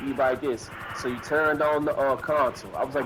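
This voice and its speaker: A man's voice: mid-range voice, fairly even intonation, brisk, noisy background. A young man in casual gaming chat, teasing his friend with opinionated banter. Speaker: gamer. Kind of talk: casual chat while playing a game.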